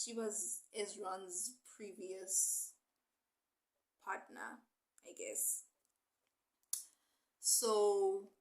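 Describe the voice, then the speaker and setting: A young woman casually retelling a novel for a book review, chatty and animated as she acts out the characters. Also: mid-range voice, low-quality recording.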